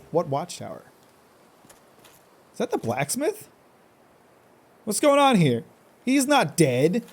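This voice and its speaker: A man's voice: a little high, big pitch swings, a little slow, vocal fry, pauses often, slightly rough. A man streaming a game live, joking and trash-talking the boss and characters as he plays. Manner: jokey, talks back at the game. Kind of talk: live gameplay commentary.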